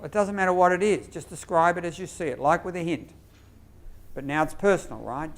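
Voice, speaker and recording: A man with an Australian accent giving a lively workshop lecture to teachers, quizzing the audience and acting out classroom phrases. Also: a little high, brisk. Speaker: lecturer on behaviour management.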